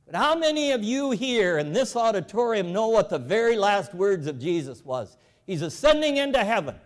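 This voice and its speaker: A man giving an evangelical convention address in a large auditorium, telling folksy stories with animated, emphatic calls to the audience. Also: high voice, normal speed, hardly any pauses. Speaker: convention speaker, former bank president. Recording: hall reverb from a large auditorium.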